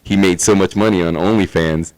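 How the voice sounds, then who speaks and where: Podcast co-host, a man with a lowish voice, relaxed and profane, sounds high. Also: fairly quick, no echo, low-quality recording. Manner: laid-back, swears a lot, laughs often. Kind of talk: casual chat.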